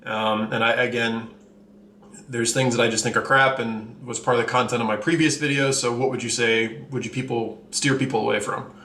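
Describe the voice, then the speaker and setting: A man's voice: medium pitch, steady tone, normal speed, pushed and bright, a little hiss or hum. Blunt, slightly breathless man vlogging. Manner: candid, blunt, rambling with fillers. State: a little out of breath. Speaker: channel host reviewing watches. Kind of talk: casual vlog talk to camera. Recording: echoey room, faint ambience.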